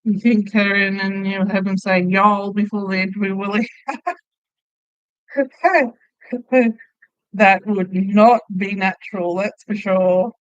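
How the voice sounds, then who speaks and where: Australian woman, casual livestream host, mid pitch, slightly muffled dry recording. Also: steady tone, slow, long pauses, no room sound. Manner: chatty, laughs often, tells stories. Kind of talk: casual live chat reading viewer comments.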